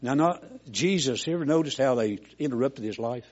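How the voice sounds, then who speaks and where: A man's voice: medium pitch, expressive, a little fast, darkish tone, husky, dull audio. An older man preaching a sermon in a folksy, homespun storytelling way, as a preacher.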